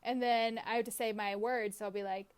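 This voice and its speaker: A woman guesting on a podcast in casual chat, recording remotely, talking animatedly with sudden loud bursts. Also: a little high, fairly even intonation, fairly quick, clean tone.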